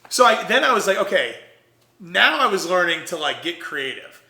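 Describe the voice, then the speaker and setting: Energetic man telling a story. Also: sits high, moderate pace, reverberant. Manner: energetic, acts out quoted voices. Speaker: podcast guest, entrepreneur. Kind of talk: animated storytelling.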